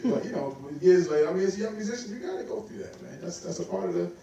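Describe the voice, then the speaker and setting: Animated man telling stories in an echoey hall. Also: sits high, rapid-fire, gravelly, a little hiss or hum. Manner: animated, laughing, acts out quoted voices. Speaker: guest saxophonist. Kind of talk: casual storytelling on stage. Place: recital hall on stage. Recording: echoey recital hall, mic from a distance.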